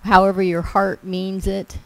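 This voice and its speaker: A woman pastor giving a children's sermon, gently coaxing the kids as she tells them a story. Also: medium pitch, level tone, measured pace, gravelly, no room sound, poor audio.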